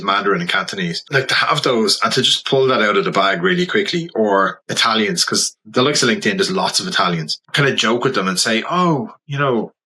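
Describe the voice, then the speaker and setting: A man with a Dublin accent, a portrait photographer and podcast guest, telling animated stories in casual conversation. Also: fairly low pitch, husky, rough recording. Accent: Dublin Irish. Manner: animated, anecdotal, slips into quoted voices.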